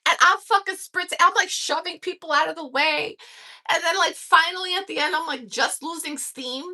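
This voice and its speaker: Bright, animated profane woman. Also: very high-pitched, normal speed. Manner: profane and animated, laughing through stories. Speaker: livestream host. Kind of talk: casual storytelling.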